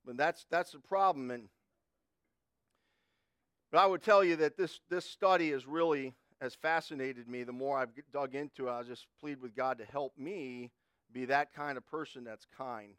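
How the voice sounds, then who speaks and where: A man's voice: medium pitch, moderate pace, a bit bright, clear, resonant tone, dry recording, clean studio sound. A middle-aged man preaching a sermon in a folksy, conversational way, telling a personal story and often restarting his words.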